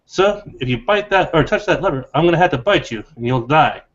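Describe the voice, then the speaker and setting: A man's voice: a little high, lively intonation, brisk, fairly bright tone. A man voicing a courteous male desert snake guardian during a tabletop game. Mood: polite. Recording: dull lo-fi recording.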